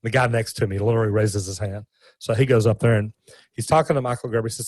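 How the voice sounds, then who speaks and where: A man's voice: lowish voice, quick pace, dry recording, low-quality recording. Folksy man telling stories. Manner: animated, folksy, repeats words. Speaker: guest. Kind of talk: casual storytelling interview.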